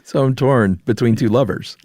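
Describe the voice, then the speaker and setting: A man's voice: medium pitch, moderate pace, darkish tone, no room sound, studio quality. A man co-hosting a podcast in casual chat, easygoing and drawling with fillers. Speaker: podcast co-host.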